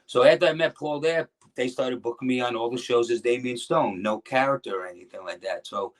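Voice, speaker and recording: Speaking at a brisk clip, a middle-aged former professional wrestler from New Jersey tells stories from the past as a guest in a relaxed interview. He drifts off track and restarts his sentences, voicing the people he quotes, and his pitch stays in an ordinary male middle range.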